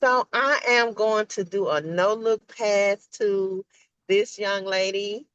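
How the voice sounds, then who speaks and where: A woman cheers on her colleagues during a team video call, casual and upbeat. Her voice is mid-pitched and sounds dry and close, with no room echo. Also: takes it slowly, fairly bright tone, clear, resonant tone, lo-fi sound. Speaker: team member on a sales call.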